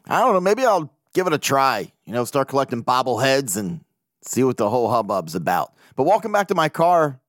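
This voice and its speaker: A man talks through a casual solo sports podcast in an animated, rambling way, swearing freely and laughing at himself. His pitch swings widely as he gets worked up. The sound is dry and close to the mic. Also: no room sound. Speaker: podcast host.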